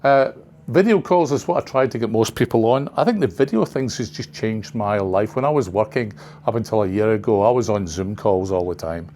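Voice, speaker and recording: Older male trainer, lowish voice, rambling and casual, faint room hum. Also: brisk, a little mellow. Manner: rambling, chatty, full of asides. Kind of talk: casual presentation to a class.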